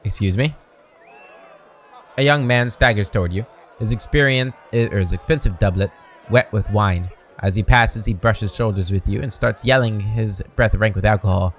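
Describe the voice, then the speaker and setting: A man narrating a video game playthrough, reading the on-screen text aloud slowly with casual asides. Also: fairly low pitch. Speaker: game streamer.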